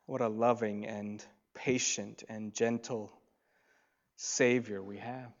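A man preaching a sermon, swinging between loud emphasis and soft, quiet asides. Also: fairly low pitch, little pitch movement, slow pace, muffled recording. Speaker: pastor.

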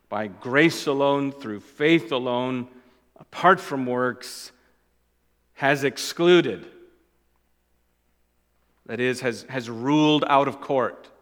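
A man preaching a sermon as pastor. He stresses and repeats key phrases, and his voice swings between loud and quiet. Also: medium pitch, big-room sound.

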